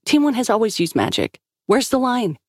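A woman's voice: a little high, wildly swooping pitch, moderate pace, dry recording, clean studio sound, pitched above the performer's own voice. Blunt determined woman agent, urgent , read by a woman narrator.

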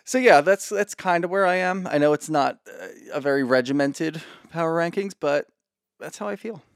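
Man, podcast co-host, gravelly fry, rambling and jokey, tangents, casual swearing. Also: a little high, moderate pace, dry recording, clean studio sound. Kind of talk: casual chat recapping reality TV.

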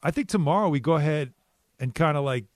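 Lively man hosting sports radio. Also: a little high, fast, no echo, studio quality. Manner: animated, takes and hands off calls. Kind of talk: casual sports talk.

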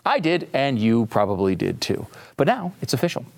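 A man hosting a sarcastic political comedy monologue, mock-serious and deadpan, jumping up into a high voice for the jokes. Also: normal speed, creaky. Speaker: host.

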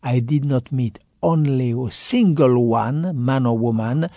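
A man in his fifties with a strong French accent, talking as an author in an interview, expressive and repeating phrases for emphasis. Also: mid-range voice, measured pace, no echo, studio quality. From France. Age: 50s. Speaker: author and guest. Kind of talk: interview conversation.

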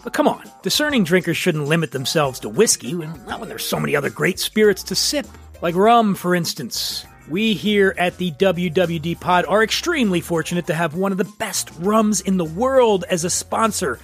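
A man's voice: high voice, expressive, normal speed, a bit bright, breathy edge, faint music behind. A man hosting a podcast and reading sponsor ads in a jokey, rambling, self-mocking way. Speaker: podcast host. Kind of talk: casual ad read.

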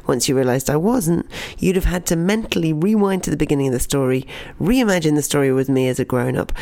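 A young adult narrating a personal anecdote and then teaching its lesson. The voice has a gravelly fry and an expressive delivery that often sinks into a soft whisper. It is recorded close and dry, with no room sound. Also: mid-range voice, dry recording. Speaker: storytelling teacher. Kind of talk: told personal story and lesson.

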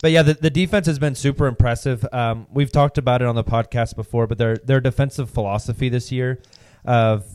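A man chatting on a sports podcast, working through numbers and defensive schemes with plenty of ums and restarts. His voice is smooth and resonant. It sits close and dry, with no room around it. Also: mid-range voice, steady tone, brisk, hardly any pauses, darkish tone, no room sound. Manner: rambling analytical, many fillers. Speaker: podcast co-host. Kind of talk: casual sports chat.

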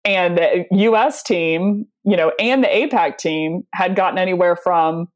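A woman's voice: lowish voice, a little slow. Chatty woman with frequent laughter. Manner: chatty, anecdotal, laughs often, many fillers. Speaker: podcast guest, sales leader. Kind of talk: casual conversational interview.

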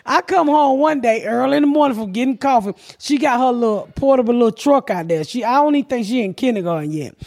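Woman, podcast host, comedic storytelling, profane, animated, high voice, gravelly. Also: fast, few pauses. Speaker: podcast host telling stories.

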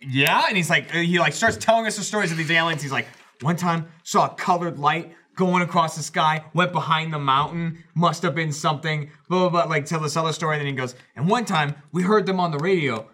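A man co-hosting a podcast, telling an anecdote in an animated way and laughing at his own story. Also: a little high, fairly quick. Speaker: podcast co-host. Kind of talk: casual chat.

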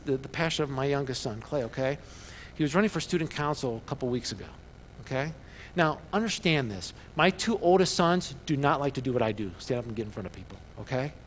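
A pastor with a fairly high voice delivers his sermon in an animated, storytelling way, jumping into loud excited bursts. The long echo of the church hangs behind him with a faint room hum.

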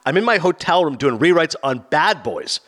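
A man's voice: fairly high pitch, normal speed. A man co-hosting a casual podcast, retelling anecdotes and briefly acting out the people in them. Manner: animated storyteller, acts out quoted people. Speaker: podcast co-host.

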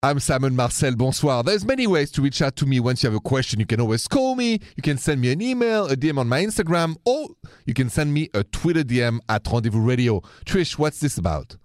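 A man's voice: mid-range voice, very animated, brisk, few pauses, no room sound, clean studio sound. A man hosting a late-night radio advice show, earnest and caring, slipping words into his talk. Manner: earnest, sprinkles French words.

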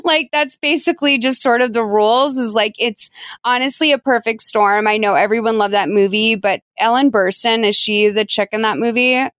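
A woman hosting a podcast in casual chat, talking in a chatty, animated way with lots of fillers. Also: on the high side, moderate pace, no echo. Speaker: podcast host.

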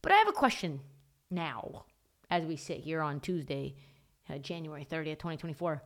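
A woman's voice: low voice, big pitch swings, moderate pace. A woman hosting a sports talk podcast, delivering an emphatic, gleefully mocking monologue in short punchy bursts. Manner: punchy repeated short phrases. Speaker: podcast host.

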